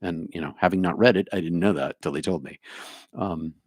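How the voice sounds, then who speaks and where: A man's voice: sits low, fairly quick, darkish tone, slightly rough, dry recording, clean studio sound. A middle-aged man with a New Jersey accent, a spiritual speaker answering his live chat by name, musing and humming to himself. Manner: musing, talks to viewers by name, hums to himself. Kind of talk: livestream chat reply.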